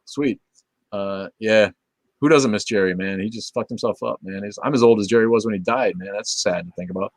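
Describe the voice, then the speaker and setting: A middle-aged livestream host with a lowish voice reads viewer comments in loose, laid-back chat, cursing freely and drifting from thought to thought at a brisk pace. His phrases often trail off into low mumbles. The recording is dry and close, with no echo and little sense of room.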